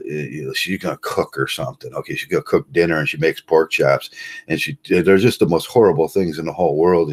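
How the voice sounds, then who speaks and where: A man hosting a casual live stream, talking in a rambling, halting way with many fillers and chuckles. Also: a bass voice. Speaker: host. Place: home.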